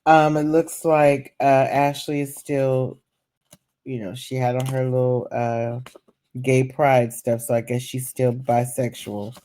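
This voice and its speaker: A woman talks into her camera at home late at night, gossiping in a casual vlog. Her voice sits low and mellow, and she takes her time, drawling through fillers and calling her viewers "child" and "baby". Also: level tone, slow, slight background noise. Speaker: vlogger.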